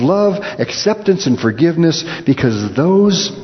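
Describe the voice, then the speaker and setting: A man preaching a sermon, animated, dropping low and slow when he quotes scripture. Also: soft background music. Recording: dull reverberant hall.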